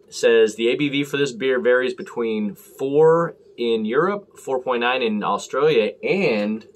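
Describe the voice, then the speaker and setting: A man's voice: mid-range voice, a bit bright. A man hosting a casual beer review vlog, rambling and joking with frequent restarts. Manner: rambling, jokey, fumbles and restarts often. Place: Los Angeles area.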